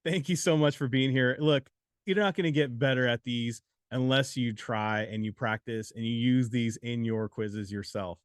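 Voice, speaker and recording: A man's voice: mid-range voice, steady tone, moderate pace, smooth, no echo, studio quality. Joking, encouraging man co-hosting a study lesson. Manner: joking, encouraging, sums up the teaching point. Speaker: exam prep co-host. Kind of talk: live-streamed exam study lesson.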